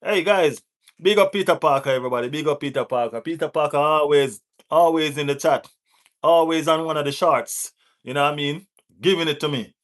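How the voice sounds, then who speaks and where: A man with a West Indian accent hosting a live football watch-along, giving shout-outs to viewers in the chat, laughing and teasing rival fans. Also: a little high, fairly quick. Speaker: football channel host.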